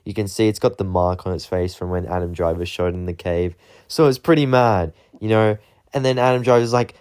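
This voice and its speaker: Rambling low-voiced young man. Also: steady tone, a little fast, darkish tone, clean tone. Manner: rambling, offhand, lots of fillers. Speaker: movie reviewer. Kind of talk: casual movie recap.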